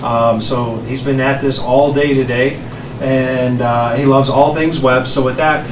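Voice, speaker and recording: A man introducing the speaker at a meetup, joking and pausing with many fillers. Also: mid-range voice, steady tone, recorded from a distance. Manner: jokey, halting, many fillers. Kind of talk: event introduction. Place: meetup room. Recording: echoey room, mic from afar, noisy.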